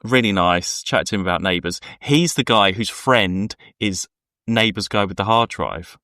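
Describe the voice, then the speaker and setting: Pushed and bright, this fairly low voice belongs to a man co-hosting a podcast at normal speed. He chats casually, wandering through stories and impersonating whoever he's quoting, captured in clean studio sound with no room tone.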